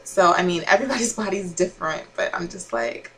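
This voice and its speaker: A woman's voice: medium pitch, normal speed, few pauses, a bit bright, poor audio. A young woman chatting casually to camera as a vlogger, with frequent laughs and fillers.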